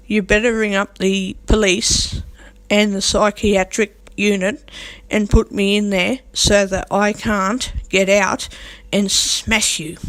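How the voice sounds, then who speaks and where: A woman's voice: medium pitch, no room sound. A woman vlogging to camera, talking bluntly and defiantly and hammering the same points again and again. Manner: defiant, emphatic, repeats her points; blunt, with coarse language. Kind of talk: unscripted talk to camera.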